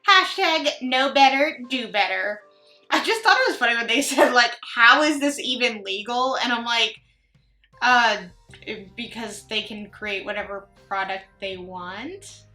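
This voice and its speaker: A woman's voice: fairly high pitch, unhurried, sharp tone, soft background music. A young woman hosting a reaction video, reading posts aloud and adding chatty, sarcastic asides that ramble off topic.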